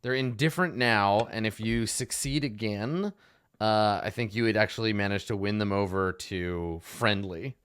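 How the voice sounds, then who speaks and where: A man's voice: on the low side, moderate pace, fairly bright tone, smooth. A young man narrating as game master, rambling with restarts and explaining the scene.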